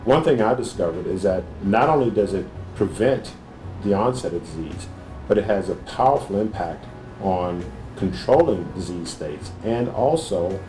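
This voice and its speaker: Low-voiced heart doctor, slow careful answers with lots of uhs, echoey room. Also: male voice, expressive, mellow, soft background music. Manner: measured, thoughtful, with frequent pauses and fillers. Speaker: cardiologist. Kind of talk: interview answers.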